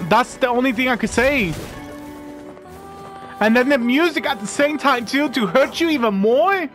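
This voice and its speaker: Brief: emotional gamer guy, very high voice, light game music behind. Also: normal speed, long pauses, fairly bright tone. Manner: openly moved, exclaiming and sighing. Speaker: gamer playing through a game. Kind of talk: emotional let's-play commentary.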